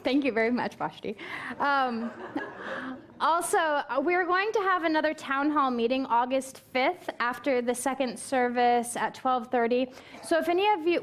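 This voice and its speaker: A woman co-minister giving upbeat, chatty church announcements and then leading a soft, reflective prayer in a sanctuary. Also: on the high side.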